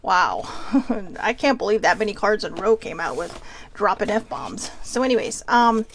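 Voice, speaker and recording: A woman's voice: medium pitch, sing-song, moderate pace, a bit bright, a little hiss or hum, poor audio. A middle-aged woman hosting a casual chat show, reading from card decks as she goes, chatty and laughing, swearing freely. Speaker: host.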